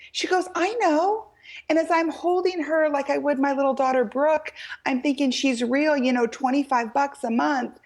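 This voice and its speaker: An American woman, middle-aged, telling a story as an author guest in an interview, lively and quoting people in animated voices. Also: high voice, gravelly. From United States. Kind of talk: storytelling in a talk-show interview.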